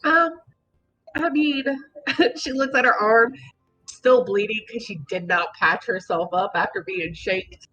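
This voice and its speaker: A woman playing a character in a tabletop game, speaking haltingly and with amusement. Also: on the high side, sharp tone. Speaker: player. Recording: dull lo-fi mic with faint music.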